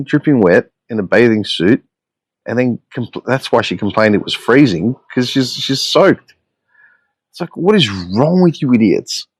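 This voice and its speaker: A man's voice: mid-range voice, no room sound. An Australian man hosting a solo podcast, telling stories in a blunt, profane, exasperated way. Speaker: podcast host.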